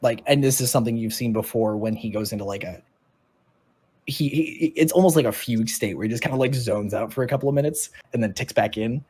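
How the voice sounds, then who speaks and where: A man's voice: medium pitch, quick pace, a little mellow, breathy edge. A man acting as dungeon master, narrating a tabletop game in a casual, rambling way. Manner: casual, rambling with many fillers.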